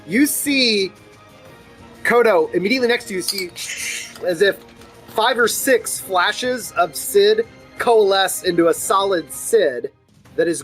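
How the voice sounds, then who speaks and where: A man running a tabletop game as dungeon master, animated and joking with his players. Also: high voice, rough recording. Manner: animated, laughs often, jokey mock voices.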